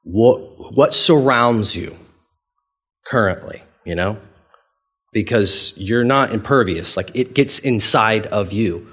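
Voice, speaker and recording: A man's voice: slow pace, breathy edge. A man preaching a sermon as pastor, conversational and playful, acting out quoted dialogue with big swings in voice. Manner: animated, acts out quoted dialogue with big pitch jumps; conversational, playful, chuckles often.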